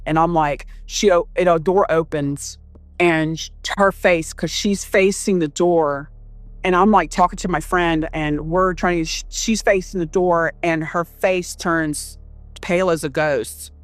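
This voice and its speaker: A woman's voice: on the low side, fairly even intonation, a little slow, no room sound, soft background music. Woman rambling through a scary story. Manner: rambling, restarts, swears, quotes herself. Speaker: guest storyteller. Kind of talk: first-hand telling of a scary story.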